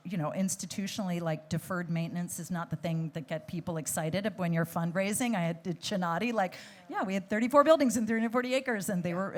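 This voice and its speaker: Woman panelist, arts director, mid-pitch, easygoing and conversational. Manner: conversational, thinks aloud with restarts. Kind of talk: panel discussion.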